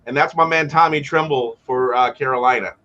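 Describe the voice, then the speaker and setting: Male co-host analyst, bright and keen, audio a bit dull and lo-fi. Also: medium pitch, brisk, a little hiss or hum. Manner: eager, talks players up. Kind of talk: casual sports talk show.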